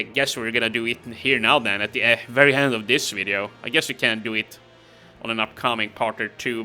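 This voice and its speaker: Guy doing casual game commentary, bright punchy voice, faint game music behind. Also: medium pitch. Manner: casual, exasperated, talks to himself. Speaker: gaming video host. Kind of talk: let's play commentary.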